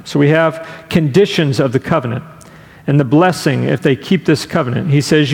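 A man preaching a sermon, telling a story in a relaxed, conversational way with fillers and asides. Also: on the high side, normal speed, creaky, big-room sound. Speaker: pastor.

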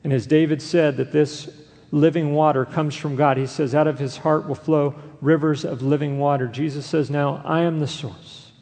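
A man's voice: a little high, flat delivery, normal speed, darkish tone. A man preaching a sermon as a pastor, reading scripture aloud and explaining it to his listeners. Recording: long hall reverb.

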